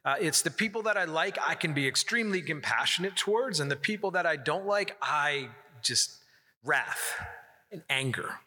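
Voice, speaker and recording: Man, pastor, sermon, earnest and conversational, very bright tone, slightly high voice, church hall echo. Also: expressive, moderate pace, slightly rough. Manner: earnest, conversational preaching with storytelling. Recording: long hall reverb.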